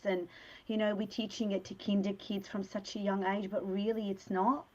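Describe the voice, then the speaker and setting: A woman's voice: mid-range voice, moderate pace, a little mellow, lo-fi sound. A middle-aged woman, hosting a casual conversation and affirming her guests enthusiastically. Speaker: podcast host.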